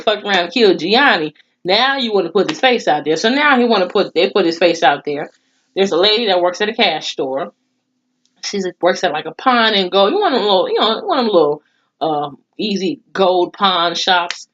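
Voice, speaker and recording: Woman ranting in a casual recap. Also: mid-range voice. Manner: profane, animated, indignant storytelling. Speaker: TV show reviewer. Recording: slightly dull lo-fi audio.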